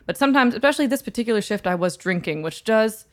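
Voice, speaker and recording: Woman, casual storyteller, blunt and profane, quick to laugh. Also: fairly high pitch, expressive. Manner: candid, profane, laughs often.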